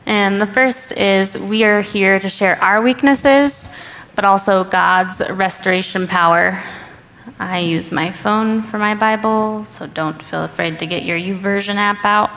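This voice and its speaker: A woman reading scripture aloud during a church testimony, careful and deliberate. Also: medium pitch, a bit bright. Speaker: guest speaker sharing her testimony. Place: church sanctuary. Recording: long hall reverb with faint ambience.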